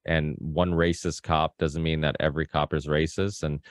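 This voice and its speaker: A man's voice: extremely low pitch, flat delivery, moderate pace, smooth, no room sound, studio quality. A man hosting a podcast, talking in a rambling casual way with many restarts. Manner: acts out quoted people in a raised voice. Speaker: podcast host.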